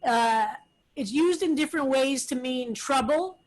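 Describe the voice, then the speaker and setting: A woman rabbi leading a text study, explaining words slowly with many pauses and fillers. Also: high-pitched, low-quality recording. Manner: slow, explanatory, with frequent fillers. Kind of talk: relaxed Hebrew text lesson.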